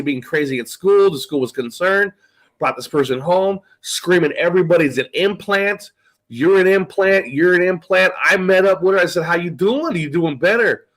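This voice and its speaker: A man's voice: a little high, normal speed, rough recording. A man talking as a guest in a casual chat, rambling and swearing as he tells stories full of quoted dialogue.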